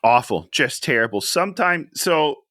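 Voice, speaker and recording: A man's voice: mid-range voice, animated, normal speed, sharp tone, no echo, studio quality. A man co-hosting a casual movie-review podcast, joking and sarcastic as he picks a film apart. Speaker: podcast co-host.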